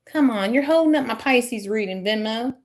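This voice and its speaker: Speaking at normal speed in a slightly high, expressive voice, a tarot reader on a live stream keeps up a chatty, self-deprecating patter. She mutters to herself while sorting out technical problems and laughs at her own troubles with them.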